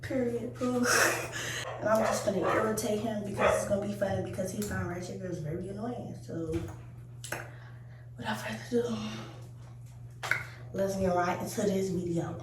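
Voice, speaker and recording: A woman's voice: mid-range voice, fairly even intonation, normal speed. A young woman making a casual prank vlog in a car, talking back in a sassy, teasing way. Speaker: vlogger. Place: inside a car. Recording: echoey, distant, loud road noise.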